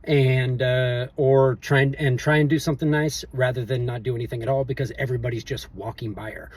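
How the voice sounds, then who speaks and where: Middle-aged guy vlogging, kinda husky, rambly and offhand, sounds a bit far from the mic. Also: mid-range voice, fairly even intonation, fairly quick, a little mellow, no room sound. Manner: rambling and offhand, with loose filler phrases. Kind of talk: casual storytelling to camera.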